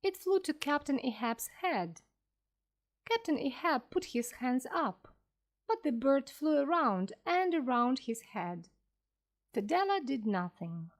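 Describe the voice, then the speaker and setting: A woman narrating a classic sea story slowly and clearly for English learners. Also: sits high. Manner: clear, careful and expressive. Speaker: audiobook narrator.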